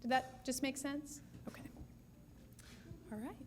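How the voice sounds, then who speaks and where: A woman's voice: sits high, measured pace, noisy background. A woman speech therapist answering audience questions at a session, explaining patiently with frequent restarts.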